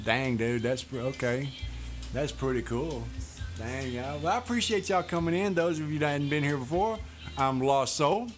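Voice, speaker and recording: While streaming a truck driving game, a man with a medium-pitched, slightly bright voice chats casually with viewers. He's laid-back and laughs often, with faint music in the background.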